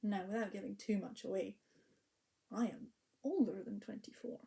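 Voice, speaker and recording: A woman's voice: medium pitch, fairly even intonation, normal speed, vocal fry, dark tone. A woman, a spoken word poet talking chattily before reading, dropping into whispered asides, heard over a video call.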